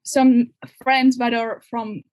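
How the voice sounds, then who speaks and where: A woman's voice: on the high side, level tone, slow, darkish tone. A young woman from France with a French accent, chatting casually as a podcast guest, laughing often and sometimes searching for her words. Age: 20s. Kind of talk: casual conversation.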